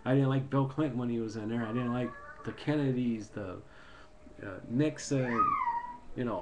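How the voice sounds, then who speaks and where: A man's voice: medium pitch, normal speed, noisy background. A man ranting in a casual, rambling and heated way into a webcam, repeating himself as he goes. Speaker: video blogger. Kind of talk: casual political rant.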